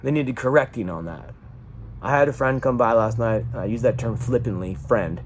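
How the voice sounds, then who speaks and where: A man's voice: medium pitch, moderate pace, a little hiss or hum. A man venting raw emotion in a rambling personal vlog monologue. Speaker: vlogger.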